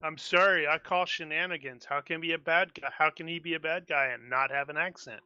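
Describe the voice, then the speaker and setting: A male tabletop player with a higher, very bright and sharp voice, joking and questioning with a sense of disbelief. His voice comes through a dull, dry lo-fi mic. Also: steady tone, brisk, clear, resonant tone, dry recording. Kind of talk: casual tabletop play.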